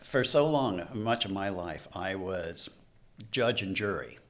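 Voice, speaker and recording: A man's voice: sits low, lively intonation, takes it slowly, fairly bright tone. A man who is a podcast guest, telling a personal story in casual conversation and acting out his own past lines.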